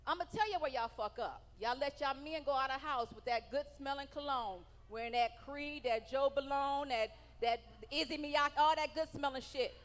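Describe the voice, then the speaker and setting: A woman does a brash, foul-mouthed stand-up set in a big hall, teasing people in the crowd. She speaks at normal speed in a high voice with hardly any pauses. Long reverb from the live venue fills the recording.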